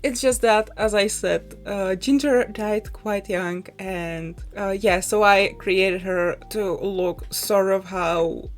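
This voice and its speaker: A woman's voice: mid-range voice, slow pace, few pauses. Chatty young woman narrating casually. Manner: chatty, laughs often, slightly rambling. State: a little out of breath. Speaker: YouTuber. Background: soft background music.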